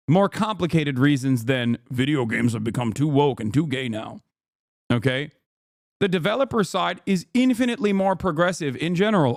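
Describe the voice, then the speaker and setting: A man's voice: a little high, no echo, clean studio sound. A man streaming reaction commentary, ranting emphatically with plenty of profanity.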